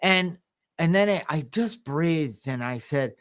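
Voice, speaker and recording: Male co-host, slightly high voice, halting storyteller with restarts. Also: animated, a bit bright. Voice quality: visually impaired speaker. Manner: halting, restarts and throat clearing. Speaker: podcast co-host and coach. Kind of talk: casual storytelling chat.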